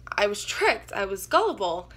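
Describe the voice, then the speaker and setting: A young woman vlogger telling a personal story in a casual, halting way, full of "like" and "you know". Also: medium pitch, sing-song, fairly bright tone.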